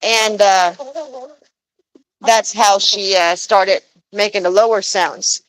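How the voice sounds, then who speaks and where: A woman with a Texan accent livestreaming outdoors on her farm, explaining her geese in a slow, rambling, casual way. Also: medium pitch, fairly even intonation, a bit bright, low-quality recording. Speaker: pet goose keeper livestreaming. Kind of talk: casual live stream chat.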